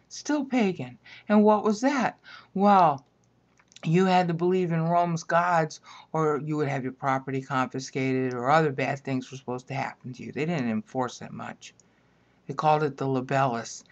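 A woman teaching a Bible lecture in a conversational way, often stopping to ask "okay?". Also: fairly low pitch. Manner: conversational, keeps checking in with "okay?". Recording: dull lo-fi recording.

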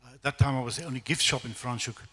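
A middle-aged man with a South African accent, telling a lively, self-deprecating testimony as a guest preacher at a church evening service. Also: medium pitch, very fast, slightly rough. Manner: storytelling, animated, self-deprecating humor. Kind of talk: testimony sermon. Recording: echoey church hall reverb.

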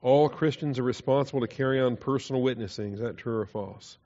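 A man teaching a Bible doctrine class in a conversational way, with frequent fillers, quiet chuckles and questions to the room. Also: medium pitch, quick pace. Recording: dull lo-fi class recording.

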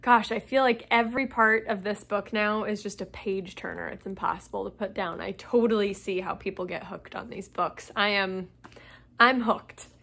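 A woman's voice: medium pitch, moderate pace, vocal fry, pushed and bright. A woman, a teacher, reading a novel aloud to her class, with chatty asides between passages.

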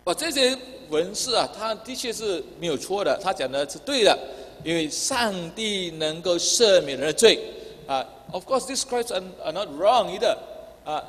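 A man preaching a bilingual sermon, speaking Chinese and then restating each point in English with a Chinese accent, filling pauses with "ah". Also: sits high, lively intonation. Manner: repeats each point in English after Chinese, many filler "ah" sounds. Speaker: pastor. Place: church hall. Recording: long hall reverb.

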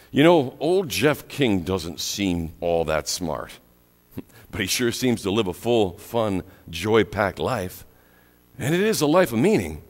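A middle-aged male pastor preaching a lively sermon with exclaimed punchlines, then leading a quiet prayer. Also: on the low side. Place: church sanctuary. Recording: church hall reverb.

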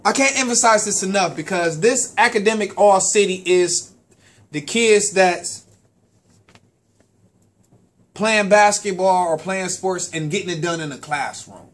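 Animated man hosting a sports talk show. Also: high-pitched, measured pace, long pauses. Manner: animated, repeats words, stumbles on names. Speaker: parent and sports official. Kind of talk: casual radio-style shout-outs.

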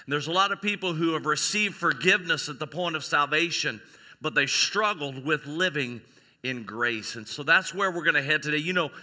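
A man pastor preaching a sermon, telling an animated story and acting out the people in it. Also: a little high, normal speed. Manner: animated storytelling, voicing characters in a skit. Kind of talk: sermon with acted illustration. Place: church sanctuary. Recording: church sanctuary with long reverb.

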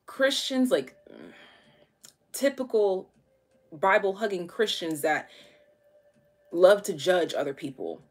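Woman tarot reader, low husky voice, loose and slangy, thinks out loud. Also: slow, long pauses. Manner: chatty, slangy, thinks aloud with many fillers. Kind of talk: casual tarot reading.

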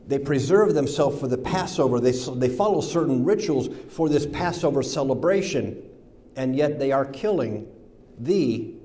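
A man with an American accent preaching a sermon, reading scripture aloud, mimicking the mockers' sneering taunts and dropping low and soft for Jesus' words. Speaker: pastor.

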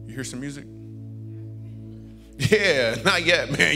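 A man delivering a comedic sermon to a church crowd, his voice bouncing between lively punchlines and quiet, earnest reflection. The sound carries a long reverb from a large church auditorium. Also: mid-range voice, measured pace, long pauses, over music. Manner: animated jokey delivery, switching to hushed earnest tones. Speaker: guest speaker and comedian. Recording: long reverb from a big hall.

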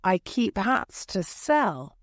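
A woman's voice: mid-range voice, very animated, slow pace, no room sound, clean studio sound, voice pushed up. A woman voicing a timid, nervous male hatter pleading before a king in a storybook.

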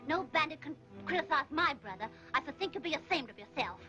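An actress playing a nervous, flustered young actress on a film set. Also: female voice, sits high, animated, fast talker, sharp tone. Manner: timid, apologetic. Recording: dull old film soundtrack with music.

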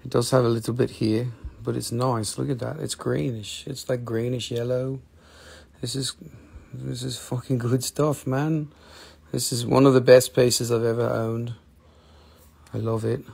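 A man's voice: medium pitch, little pitch movement, a little slow, vocal fry, darkish tone, husky. A man hosting a live online sale, talking casually and enthusiastically, rambling and swearing now and then. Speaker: host selling rocks and minerals on a live stream. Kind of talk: casual live sales chat.

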